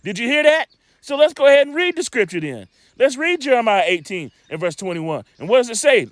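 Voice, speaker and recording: A man's voice: extremely high pitch, big pitch swings, brisk, no echo. A man teaching scripture in a loose sermon style, rambling and emphatic, with lots of stammering restarts and streetwise asides.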